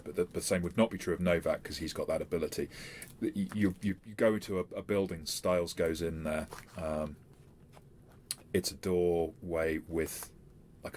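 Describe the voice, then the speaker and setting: Low-voiced guy running a tabletop game, lots of ums, bit of hiss behind. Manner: stop-start, chatty with many fillers. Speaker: game master.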